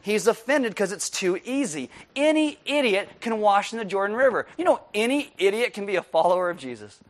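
Animated preacher man with a high voice. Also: a little fast. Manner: animated, keeps asking the crowd "right?"; laughs often while preaching. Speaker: pastor. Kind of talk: sermon.

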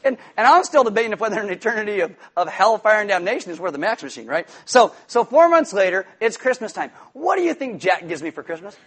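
A man preaching a sermon, telling a childhood story with lively quoted voices and asides. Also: high-pitched, fast talker, few pauses, slightly rough. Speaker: pastor.

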